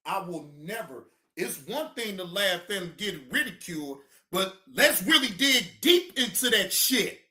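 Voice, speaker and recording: Slow, bright-voiced man in an echoey room. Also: sits high, expressive. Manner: loud preachy ranting, then laughing and joking. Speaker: reaction streamer. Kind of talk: livestream rant and casual chat.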